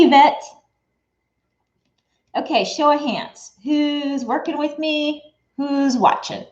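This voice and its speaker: A woman's voice: medium pitch, darkish tone. A woman hosting a casual quilting livestream, chatty and laughing often as she greets viewers by name. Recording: echoey room, dull lo-fi sound.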